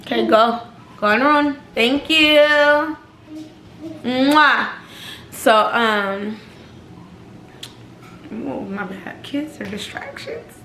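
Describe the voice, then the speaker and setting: A woman's voice: extremely slow, pauses often. A young woman vlogger, telling a personal story casually and acting out the quotes in a raised voice. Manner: animated, acts out quotes in higher pitch. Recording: echoey room, faint background noise.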